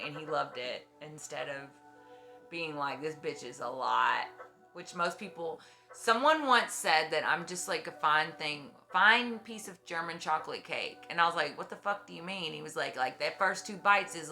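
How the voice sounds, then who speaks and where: Low-voiced profane woman in her forties. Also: bright, forceful tone. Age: 40s. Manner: blunt, profane and effusive. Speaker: streamer. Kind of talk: emotional casual chat. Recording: music playing behind.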